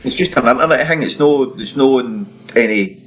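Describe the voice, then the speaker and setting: A Scottish man bantering on a podcast in an animated, sweary way. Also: mid-range voice, fairly quick, husky. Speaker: podcast guest. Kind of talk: casual banter.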